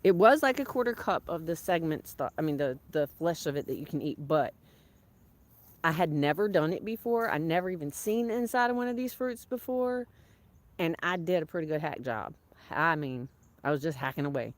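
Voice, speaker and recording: Lady vlogging from her farm, lively up and down voice, chatty, phone mic outside. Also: deep voice, brisk. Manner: chatty and animated, talks to her viewers. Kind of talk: casual live-stream chat. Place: outdoors on a small farm.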